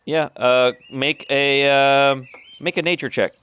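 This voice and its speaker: A man's voice: medium pitch, fairly even intonation, takes it slowly, fairly bright tone, smooth. A man narrating and calling for rolls as a tabletop game master.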